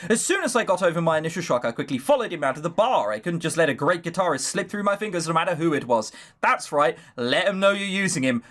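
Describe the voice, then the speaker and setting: A young man commentates his way through a visual novel, poking fun at the writing with sarcastic asides. His voice sits a bit high and bounces around a lot in pitch. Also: lively intonation, fast talker, hardly any pauses, fairly bright tone. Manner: sarcastic, jokey, giggles at the story. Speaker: let's play host.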